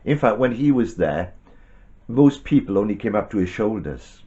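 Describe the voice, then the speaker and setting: A man with a lower voice tells a Bible story to a child, gentle and animated with chatty asides. The recording is dull and lo-fi. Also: normal speed.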